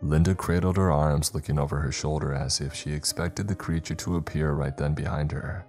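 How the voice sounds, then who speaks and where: Brief: male horror storyteller, very low and steady, with faint music underneath. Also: brisk. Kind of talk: scripted first-person horror narration.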